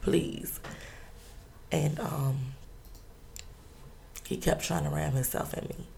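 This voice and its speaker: A woman telling a personal story in an interview, halting and earnest, with many pauses and restarts. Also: sits low, fairly even intonation, creaky, mellow, slight background noise.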